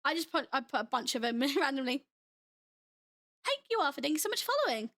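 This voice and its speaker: A woman's voice: high voice, sing-song, quick pace, fairly bright tone. A young British woman with a mixed British, American and Australian accent, chatting casually and giggling often as a livestreamer talking to viewers. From Britain. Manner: giggly and bubbly, laughs often. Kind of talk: casual chat with stream viewers.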